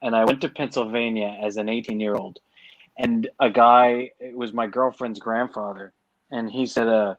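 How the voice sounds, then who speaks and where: A man's voice: mid-range voice, normal speed, a bit bright, rough recording. A man from New Jersey in casual podcast chat, blunt and opinionated, laughing often as he talks.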